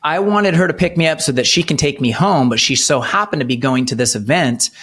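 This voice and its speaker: A man in his thirties, a podcast guest, earnestly telling a personal story of faith, slowing down to stress key moments. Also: on the high side, expressive, fairly bright tone. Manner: earnest storytelling, slows for emphasis. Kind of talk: personal testimony in an interview.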